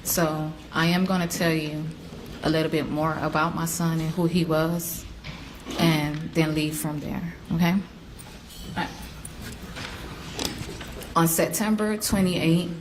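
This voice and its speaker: A woman speaking as a victim's mother in court, an animated storyteller who acts out the voices she quotes. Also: low-pitched, slow, pauses often. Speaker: victim's mother giving an impact statement. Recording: roomy courtroom, faint hiss.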